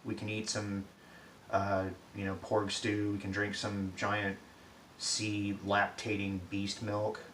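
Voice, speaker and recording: A man's voice: fairly low pitch, monotone, slow pace, a bit bright. A man voicing a weary older male Jedi hermit in an offhand, sarcastic way, recorded from a distance in a roomy space. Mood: coaxing. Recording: roomy echo, distant mic, faint hiss.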